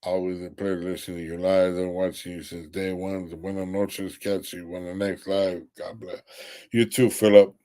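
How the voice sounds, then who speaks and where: A young man hosting a late-night live stream, worn out and ready for bed. His voice sits a little low as he trades crude, mocking jokes and reads out comments from his viewers. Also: flat delivery, moderate pace, warm tone. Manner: crude, mocking trash talk, often laughing. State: tired. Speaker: livestream host. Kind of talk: casual livestream chat.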